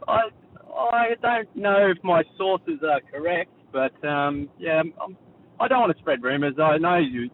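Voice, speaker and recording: A man's voice: on the high side, far from the mic, close to an everyday voice. A man doing a drawling Aussie phone-in bloke. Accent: Australian. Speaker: caller character on radio show. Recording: tinny phone line with faint noise.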